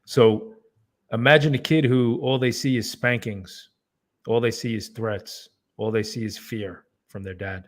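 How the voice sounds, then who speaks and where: A man's voice: mid-range voice, fairly even intonation, a little slow. A man co-hosting a podcast in casual chat, emphatic and playing out sarcastic examples. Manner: emphatic, sarcastic role-play. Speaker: podcast co-host.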